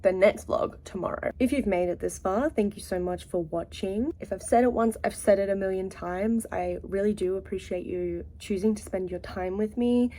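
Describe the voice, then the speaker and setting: A woman's voice: medium pitch, normal speed, few pauses, dark tone, a little hiss or hum. A woman book vlogger talking casually and enthusiastically to camera. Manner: chatty and enthusiastic, many "like" fillers. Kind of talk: casual vlog chat.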